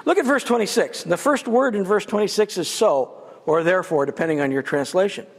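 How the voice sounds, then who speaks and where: A guest preacher with a high, brisk voice gives a conversational sermon dotted with humorous asides. The church sanctuary adds long reverb.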